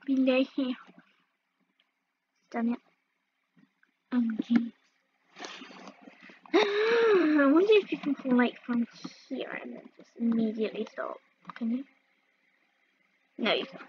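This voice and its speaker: A woman's voice: sits high, lively intonation, slow pace, pauses often, highs cut off, a little hiss or hum. A woman casually commenting as she plays a video game, playfully yelping and groaning at each fall. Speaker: gaming video host. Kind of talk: casual let's-play commentary.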